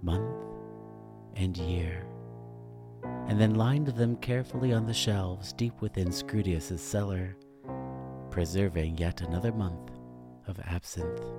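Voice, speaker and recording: A man narrating a dark fantasy story in a measured, deliberate scripted reading. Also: deep voice.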